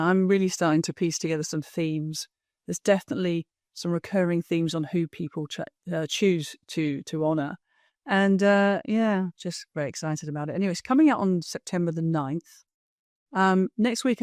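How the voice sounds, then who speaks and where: A woman hosting a podcast, chatting casually and warmly, with lots of fillers and quick affirmations. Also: fairly low pitch, dry recording, studio quality. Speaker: podcast host. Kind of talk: casual interview chat.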